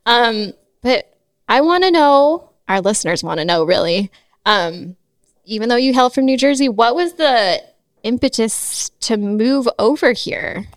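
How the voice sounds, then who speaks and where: A woman's voice: a little high, animated, unhurried, dry recording, studio quality. A woman podcast host from Los Angeles, chatting casually with a guest and laughing often. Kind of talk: casual interview chat.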